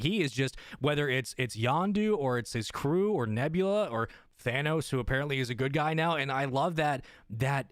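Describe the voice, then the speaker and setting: A man co-hosting a casual podcast chat, excitedly acting out his own reactions. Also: mid-range voice, dry recording, studio quality. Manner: excited, acts out reactions in a raised voice. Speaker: podcast co-host.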